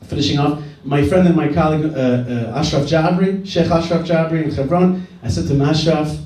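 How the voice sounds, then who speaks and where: A man's voice: a little high, fairly quick, mellow, distant mic. A middle-aged man giving an earnest talk at a gathering, telling a story and repeating his key phrases. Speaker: speaker at a dialogue gathering. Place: indoor event hall. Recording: roomy hall, speaker away from mic.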